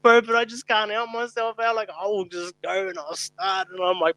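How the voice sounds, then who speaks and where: Kiwi bloke on a podcast, bright high voice, swears and cracks up telling yarns. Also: male voice, little pitch movement, moderate pace, few pauses, clear, resonant tone, dry recording, poor audio. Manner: swearing, laughing storyteller, calls people bro. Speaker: podcast co-host. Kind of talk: casual chat, storytelling.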